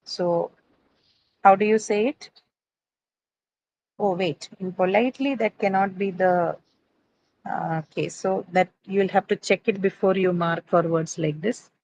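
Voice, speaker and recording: A woman's voice: on the low side, fairly even intonation, unhurried, pauses often, darkish tone, highs cut off. A woman teaching an English class on word stress in a classroom, checking in with students and often adding "right?" and "uh".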